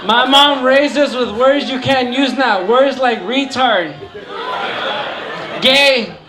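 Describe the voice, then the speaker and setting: Stand-up comic, crude ranter, very high voice, club noise. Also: male voice, reverberant, crowd noise. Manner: crude, rapid ranting. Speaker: stand-up comedian. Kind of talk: stand-up comedy set. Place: comedy club stage.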